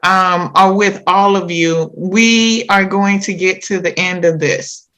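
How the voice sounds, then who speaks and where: A woman hosting a podcast, making an earnest, measured appeal and comforting a guest. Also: on the low side, fairly even intonation, a bit bright, rough recording. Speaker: podcast host. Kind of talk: slow, earnest appeal and interview.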